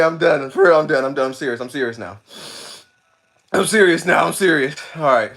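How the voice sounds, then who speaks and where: A man's voice: fairly high pitch, a little fast. A man streaming, chatting casually with his chat in slangy talk, repeating himself and often cracking up. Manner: animated, slangy, repeats himself, breaks into laughter. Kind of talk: casual livestream chat reading comments.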